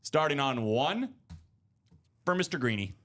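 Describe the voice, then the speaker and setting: A man's voice: mid-range voice, big pitch swings, a little slow, a bit bright. A man hosting a live card break stream, chatting casually and joking in rambling banter.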